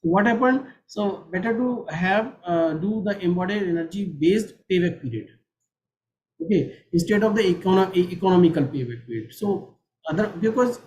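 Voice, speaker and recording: High-voiced Indian lecturer, halting speech. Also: male voice, darkish tone, poor audio. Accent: Indian English. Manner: halting, many fillers and restarts. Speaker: guest lecturer. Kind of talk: online technical lecture.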